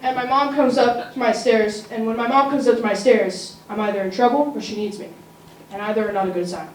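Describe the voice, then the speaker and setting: A woman's voice: fairly high pitch, steady tone, fairly quick. Teenage girl telling a comic story on stage. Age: teens. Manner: comic, conversational, asides to the audience. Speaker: student storyteller. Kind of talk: live story slam. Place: school auditorium. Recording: roomy, distant mic, faint noise.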